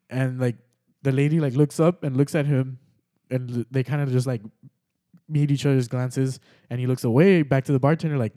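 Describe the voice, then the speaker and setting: A young man hosting a podcast tells a story in a loose, rambling way, full of fillers and swearing. His voice is mellow and dark, at an everyday middle pitch. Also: brisk. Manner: relaxed, swears a lot, many fillers. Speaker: podcast host. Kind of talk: casual storytelling.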